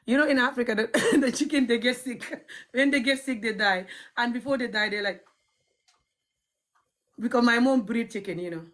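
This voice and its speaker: A woman's voice: fairly high pitch, normal speed, pauses often. Blunt, laughing Gambian woman vlogger. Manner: animated and blunt, laughs often; cheeky, frank and outspoken. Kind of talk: casual storytelling chat.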